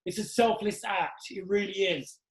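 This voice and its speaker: A man's voice: high-pitched, normal speed, reverberant, rough recording. A man hosting a casual interview, talking earnestly and with emphasis. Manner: earnest, emphatic, often asks "do you get what I'm saying". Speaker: podcast host.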